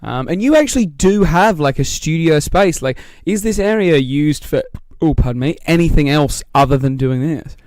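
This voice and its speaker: A man's voice: a little high, lively intonation, normal speed, few pauses, a little mellow, no echo, clean studio sound. A man hosting a podcast, chatting casually with crude, teasing banter. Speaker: podcast host. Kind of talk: casual chat.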